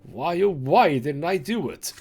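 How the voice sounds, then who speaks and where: A man's voice: fairly high pitch, lively intonation, unhurried, vocal fry, a little mellow, breathy edge, soft background music, voice pushed up, full character voice. A man voicing a gaunt old nobleman driven to madness, ranting with scorn and religious fervor in a game reading. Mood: raging, fanatical. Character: gaunt, maddened old male nobleman, venomous.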